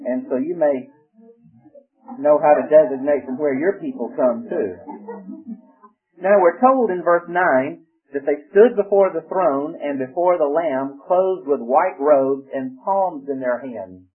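A man's voice: a little high, unhurried. A man from Georgia, preaching a folksy Bible-study sermon that poses questions and answers them. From Georgia, USA. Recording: tinny radio broadcast.

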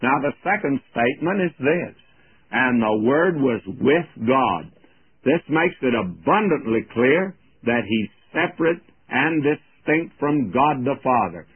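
A man teaching the Bible in a radio sermon, emphatic and slow, speaking to his listeners as friends. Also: mid-range voice, animated, slightly rough. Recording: tinny phone-like radio recording.

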